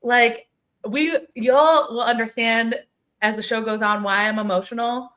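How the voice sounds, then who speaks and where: A woman's voice: fairly high pitch, fairly even intonation, a little slow, a bit bright. Gushing, emotional woman podcast host. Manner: gushing, emotional, repeats words for emphasis. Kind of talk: casual podcast chat.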